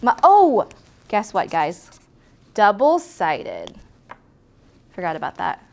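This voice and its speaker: Demonstrating lettering in a relaxed tutorial, a female instructor talks through every step, cheering viewers on and fixing her own slips as she goes. She speaks slowly and very expressively in a mid-range voice with a creaky, somewhat dark tone.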